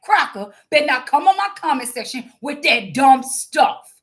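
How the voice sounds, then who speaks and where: A woman's voice: sits high, expressive, normal speed. A woman giving fiery religious commentary in a vlog, blunt and scolding, preaching at her viewers with frequent restarts. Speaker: online commentator.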